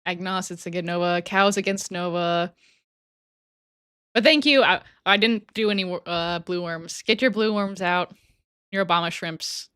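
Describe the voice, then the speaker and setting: A woman's voice: fairly low pitch, moderate pace, fairly bright tone, smooth, no echo, studio quality. A woman hosting a casual livestream, reading super chats aloud in a giggly, chatty way that often trails off and restarts. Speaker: livestream host.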